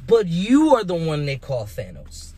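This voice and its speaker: A young man giving casual, hyped commentary as a vlogger, animated and emphatic, with rhetorical questions and repeated words. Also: a little high, unhurried, husky, no room sound. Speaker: vlogger making predictions.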